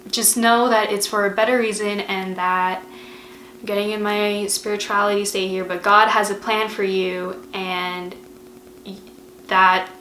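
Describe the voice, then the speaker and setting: A woman's voice: mid-range voice, pushed and bright, echoey room, slight background noise, rough recording. A young woman chatting in a casual advice vlog, emotional and full of fillers. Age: young adult. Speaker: vlogger.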